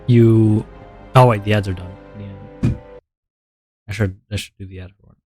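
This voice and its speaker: A man chatting casually on a livestream, talking in a deliberately relaxed voice and rambling with many restarts and repeats. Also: lowish voice, faint music behind. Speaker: streamer.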